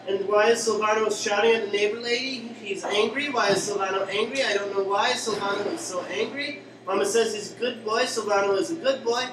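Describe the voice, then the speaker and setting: A simple, childlike grown man played by a male poet who repeats himself in a high, earnest singsong and pleads with the police. The spoken word performance is caught from far off in an echoey little cafe, with an audience audible around him. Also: close to an everyday voice. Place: small cafe at a poetry night. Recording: echoey live room from far off, crowd.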